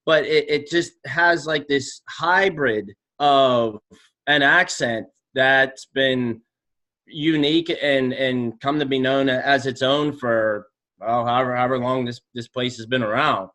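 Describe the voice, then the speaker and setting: A man's voice: medium pitch, steady tone, measured pace, bright, forceful tone. A man from the Pittsburgh area, a guest in a casual, tipsy chat, talking hesitantly with wry remarks. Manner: hesitant, many fillers and restarts, wry.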